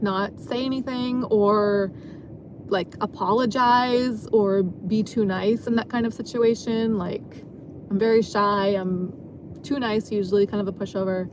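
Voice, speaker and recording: A woman's voice: a little high, noisy background. Chatty, self-mocking woman in a car. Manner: chatty, self-deprecating, laughs often. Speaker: vlogger and dancer. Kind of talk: rambling casual monologue. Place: parked car.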